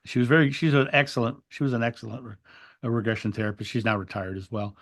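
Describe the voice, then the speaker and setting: A man's voice: mid-range voice, steady tone, fast talker, gravelly, a bit bright. A man telling a spiritual story in an interview, earnest and reflective, often restarting his words. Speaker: interview guest.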